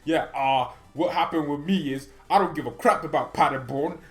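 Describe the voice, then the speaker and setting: A man's voice: fairly high pitch, moderate pace, soft background music, pitched above the performer's own voice, lightly acted. A man voicing a cocky young male footballer in a put-on London accent, slangy and ending lines with "yeah?". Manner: slangy, tags "yeah?" and "mate".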